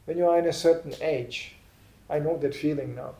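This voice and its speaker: An older spiritual teacher from Czechoslovakia, with a slightly high voice at normal speed, gives a humorous sermon in an echoey hall with roomy reverb. He's an animated storyteller who acts out comic voices.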